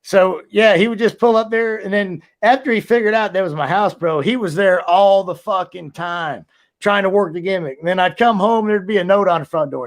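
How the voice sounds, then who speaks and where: Man, casual profane storyteller, slightly raised pitch, video call. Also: moderate pace. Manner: loose, profane storytelling with acted-out quotes. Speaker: podcast co-host, former wrestler.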